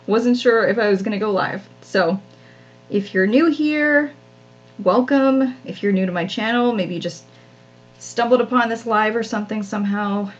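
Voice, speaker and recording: In dull audio, a medium-pitched woman hosts a live crafting stream for her craft channel. As she works, she chats casually with viewers, self-deprecating and often laughing at herself.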